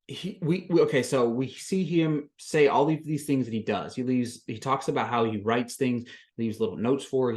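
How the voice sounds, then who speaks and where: A man hosting a podcast, recapping a reality show in casual commentary, swinging from flat summary to loud exasperated rants. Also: medium pitch. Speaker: podcast host.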